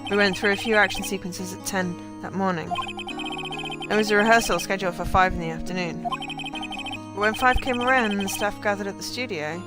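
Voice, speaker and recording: A woman voicing a big, soft-hearted male actor who speaks in a shy, apologetic way, with game music underneath. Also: medium pitch, normal speed, voice pushed down, close to an everyday voice. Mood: recounting. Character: gentle giant male actor, shy softy.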